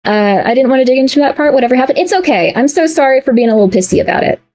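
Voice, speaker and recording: A woman streamer on a livestream, upset and annoyed, then talking herself back into calm. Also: high voice, racing. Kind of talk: livestream talk.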